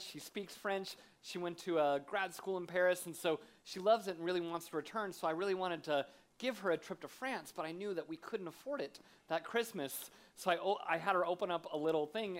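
A man, a guest preacher giving a sermon in a church, lively and self-deprecating as he acts out funny stories. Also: high voice. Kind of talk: sermon with humorous storytelling. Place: church sanctuary.

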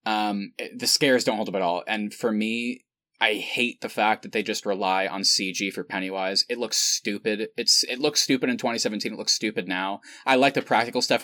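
A man's voice: fairly low pitch, bright, forceful tone, no room sound. A man co-hosting a podcast, chatting casually and enthusiastically, rambling with frequent laughs. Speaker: podcast co-host. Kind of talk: casual chat.

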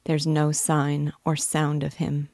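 A woman's voice: deep voice, completely flat delivery, slow, a little mellow, no room sound, clean studio sound. A woman voicing a heartbroken young woman who is waiting for her lover in a storybook reading. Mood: anguished.

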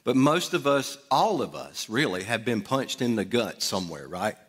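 A middle-aged man preaching to his congregation, easygoing and conversational as he tells a personal story. His voice sits at an ordinary pitch and rings with a long reverb off the sanctuary walls. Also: sing-song, moderate pace, a bit bright, slightly rough. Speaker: pastor. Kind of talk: storytelling sermon. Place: church sanctuary.

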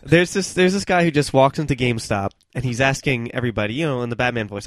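A man co-hosting a podcast, telling a story in casual chat with halting restarts. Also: mid-range voice. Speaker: podcast co-host.

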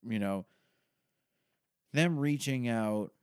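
A man's voice: mid-range voice, slow pace, a little mellow, clean tone, no room sound, clean studio sound. A man hosting a podcast, giving a rambling, self-mocking spoken intro with plenty of swearing. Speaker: podcast host. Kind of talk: casual podcast intro monologue.

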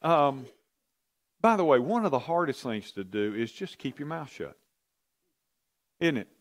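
A man's voice: medium pitch, very animated, measured pace. A man leading an interactive church teaching, conversational, asking the audience questions and often repeating himself. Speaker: pastor or Bible teacher.

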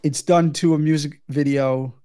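A man co-hosting a show, recapping a film plot in a halting way with many fillers. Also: fairly high pitch, steady tone, mellow, smooth. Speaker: podcast co-host.

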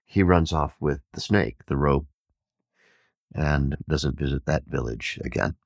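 A man telling a parable and teaching on Vedic wisdom, an animated storyteller who acts out the villagers' shouts. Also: very deep voice, measured pace, vocal fry, dry recording, studio quality. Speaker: podcast host and teacher.

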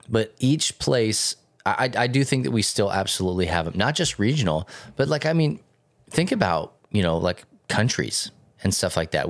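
A young man co-hosting a casual podcast, talking in an animated, jokey way with quick asides. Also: deep voice, dry recording. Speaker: podcast co-host.

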